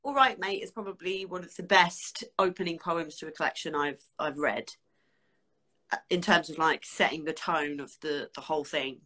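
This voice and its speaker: Young woman publisher, casual warm praise, deep bright voice. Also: moderate pace. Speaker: publisher guest. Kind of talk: casual chat.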